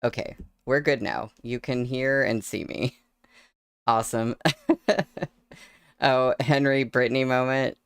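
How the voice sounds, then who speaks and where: A woman's voice: a bass voice, fairly even intonation, slow, pauses often, smooth, no room sound, studio quality. A woman chatting casually on her livestream into a desk microphone, laughing often between words. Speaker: streamer reading novels aloud.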